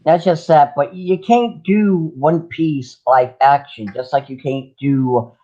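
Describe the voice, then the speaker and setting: A man's voice: fairly high pitch, slow pace, warm tone, highs cut off. A man hosting a casual livestream chat, musing skeptically. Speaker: livestream host.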